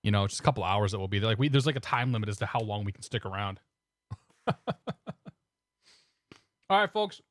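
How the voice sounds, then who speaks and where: A man's voice: fairly low pitch, animated, fairly quick, pauses often, dry recording. A man chatting casually on a live stream, laughing often and talking through his cockpit steps. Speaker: flight sim streamer.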